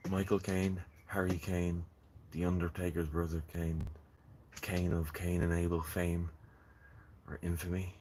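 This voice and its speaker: A man's voice: low voice, level tone, unhurried, a little mellow, a little hiss or hum. A man chatting casually on a gardening live stream, rambling and joking with viewers from his greenhouse. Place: in a greenhouse in the rain.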